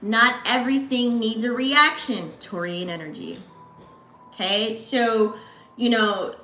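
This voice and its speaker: An astrology channel host gives a casual reading to camera in an echoey room. Her voice is bright and fairly high, and she's slangy and chatty, addressing viewers directly.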